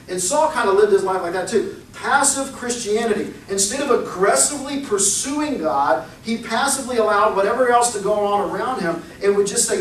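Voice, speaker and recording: A young adult man preaching a sermon, telling Bible stories in a lively way and acting out the people he quotes. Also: high voice, a little fast, hardly any pauses, a little hiss or hum. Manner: animated storytelling, acts out quoted voices. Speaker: pastor. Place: church sanctuary. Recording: echoey church recorded from far off.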